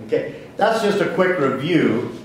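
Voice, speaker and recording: A man's voice: fairly high pitch, very animated, a little slow, distant mic, slight background noise. A man giving a physics lecture to a class, asking questions and answering them himself. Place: lecture hall. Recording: very echoey hall, voice from off-mic.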